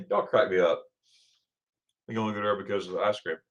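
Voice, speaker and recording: A man's voice: on the low side, moderate pace, fairly bright tone, highs cut off. A middle-aged man from Florida hosting a casual livestream, chatting with viewers and reading their comments aloud, laughing often. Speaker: livestream host.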